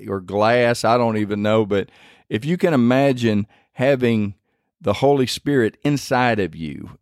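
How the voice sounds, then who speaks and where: A man's voice: mid-range voice, darkish tone, smooth, dry recording, studio quality. A man hosting a faith podcast, telling his testimony in an earnest, rambling way with many restarts. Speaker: podcast host.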